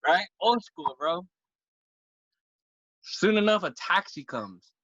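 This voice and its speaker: Animated man telling a story, bright dry sound. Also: high-pitched, slow pace, husky, dry recording, highs cut off. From San Francisco. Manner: animated, acts out his own lines, swears freely. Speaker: podcast guest. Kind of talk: casual storytelling.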